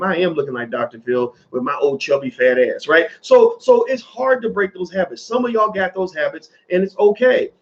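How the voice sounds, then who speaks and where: Animated, profane man in lo-fi audio. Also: on the high side. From American South. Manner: animated, profane, repeats phrases for emphasis. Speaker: commentator. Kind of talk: casual monologue commentary.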